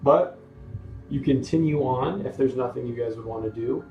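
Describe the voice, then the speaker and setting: A man's voice: mid-range voice, normal speed, gravelly, lo-fi sound, soft background music. A man running a tabletop game as game master, narrating casually with frequent restarts, recorded in an echoey room. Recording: echoey room, faint noise.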